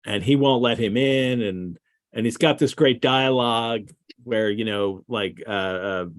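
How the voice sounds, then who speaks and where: A man's voice: medium pitch, measured pace, dry recording. A man hosting a casual discussion of a classic novel, rambling with many restarts. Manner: rambling, lots of restarts and fillers. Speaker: podcast host.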